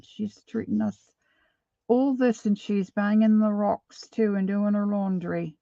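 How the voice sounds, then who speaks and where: A woman's voice: mid-range voice, flat delivery, measured pace, dark tone, dry recording, highs cut off. An older woman chatting casually while she paints live, rambling and reading viewer comments aloud. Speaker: painting instructor. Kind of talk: live painting stream chat.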